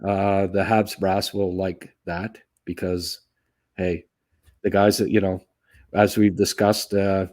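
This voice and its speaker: Guy on a hockey podcast, low voice, takes his time, lots of uh and you know. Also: darkish tone. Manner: halting, lots of fillers and restarts. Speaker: podcast co-host. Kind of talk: casual sports podcast chat.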